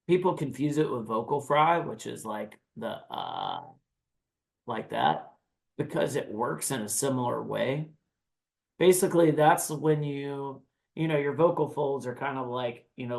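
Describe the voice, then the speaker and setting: A man's voice: medium pitch, measured pace. Man, podcast guest, casual, explains screaming technique, mid-range voice. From United States. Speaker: guest vocalist.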